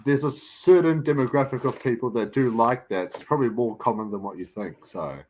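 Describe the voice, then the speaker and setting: A man's voice: mid-range voice, fairly quick, over a noisy crowd. A man hosting a casual podcast chat over a video call, wry and musing, with lots of fillers.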